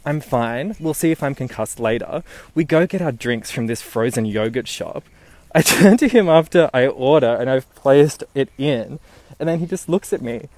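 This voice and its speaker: A man's voice: mid-range voice, darkish tone, dry recording. A man from Newcastle telling a story casually and animatedly, swearing and laughing as he goes.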